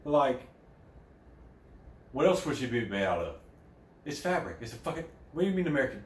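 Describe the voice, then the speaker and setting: A man hosting a crude comedy news show while high, rambling and swearing, with sudden loud outbursts. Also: sing-song, brisk, long pauses. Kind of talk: crude satirical news commentary. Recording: echoey room, mic at a distance.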